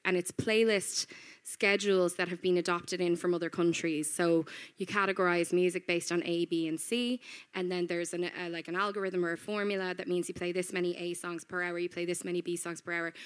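A woman's voice: fairly low pitch, clean tone. A woman who works as a radio presenter, chatting casually as a podcast guest and laughing easily. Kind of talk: casual chat.

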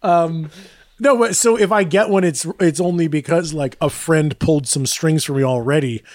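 Man, podcast co-host, casual chat, self-deprecating, laughing while talking, fairly high voice, dry close sound. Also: moderate pace, darkish tone, dry recording. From Greek heritage.

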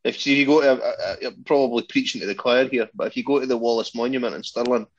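A man's voice: medium pitch, fairly even intonation, quick pace, muffled recording. A man hosting a podcast, chatting bluntly and swearing in easy banter. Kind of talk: casual chat.

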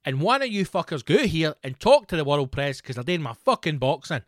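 A man's voice: a little high, big pitch swings, fairly quick, no room sound, studio quality. A man acting out a harried, foul-mouthed male boss at a space agency, barking orders in exasperation. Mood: exasperated.

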